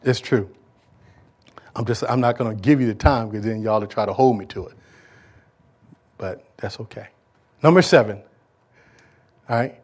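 A middle-aged male pastor preaching a sermon to his congregation, swinging between loud calls and hushed asides. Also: on the low side, moderate pace, long pauses.

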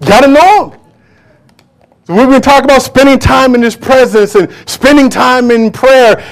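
Preaching fervently in church, a high-voiced male pastor drives his points home by restating phrases and putting question after question to the congregation. He delivers the sermon at a moderate pace.

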